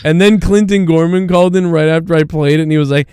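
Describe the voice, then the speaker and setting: A man's voice: a little high, fairly even intonation, quick pace, a little mellow, clear, resonant tone, no room sound, clean studio sound. A man hosting a podcast, chatting loosely with lots of swearing and laughing. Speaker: podcast host. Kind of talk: casual podcast banter.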